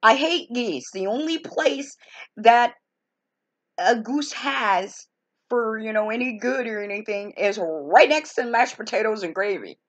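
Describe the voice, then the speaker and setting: A woman's voice: a little high, lively intonation, unhurried. A woman telling a story from her own life in a casual, folksy, exasperated way, full of colorful expressions. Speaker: storytelling vlogger.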